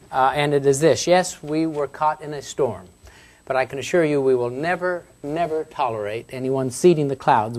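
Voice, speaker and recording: A man in his sixties, an American university president, giving a humorous speech and reading letters aloud in a folksy, storytelling way. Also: medium pitch. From United States. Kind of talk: humorous public speech at a luncheon forum. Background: audience laughter.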